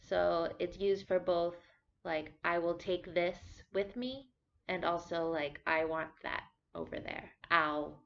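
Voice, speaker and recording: Slow, careful woman teaching vocabulary. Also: lowish voice, gravelly. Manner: slow and careful, repeating words for practice. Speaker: language teacher. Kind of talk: vocabulary lesson. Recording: dull lo-fi sound.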